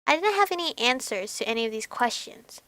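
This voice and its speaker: A woman hosting a let's play, reading a visual novel aloud and reacting in an animated, exclaiming way. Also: fairly high pitch, brisk, no room sound.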